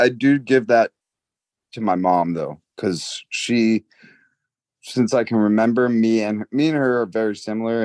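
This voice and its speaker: A young man from Los Angeles, an actor answering interview questions in a modest, halting way with many fillers. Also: lowish voice, darkish tone, no echo.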